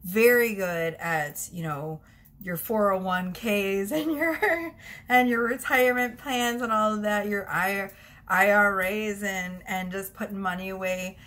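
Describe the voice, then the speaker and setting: Her mid-range voice is a bit bright and her pace measured as this young woman chats through a tarot reading at home. She's giggly and talkative, often interrupting herself.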